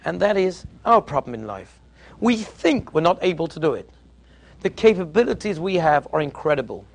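A man giving a Torah lecture as a teacher, an emphatic and animated storyteller. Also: fairly high pitch, normal speed, creaky.

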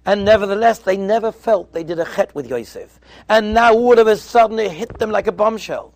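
A man's voice: high voice, brisk, dry recording. A man, a rabbi, giving a sermon to yeshiva students, telling stories and acting out their dialogue, with Hebrew and Yiddish terms mixed in. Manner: storytelling, acting out dialogue in quotes.

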